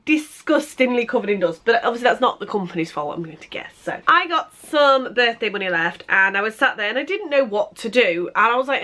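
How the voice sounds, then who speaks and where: A woman's voice: fairly high pitch, sing-song, brisk, few pauses, bright, forceful tone. A British woman vlogging a casual unboxing, chatty and gushing, with frequent laughs and gasps. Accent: British English. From Britain.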